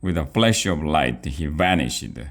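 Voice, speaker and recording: A man reading a children's chapter book aloud, haltingly, stumbling and repeating words. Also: a bass voice, lively intonation. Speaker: reader.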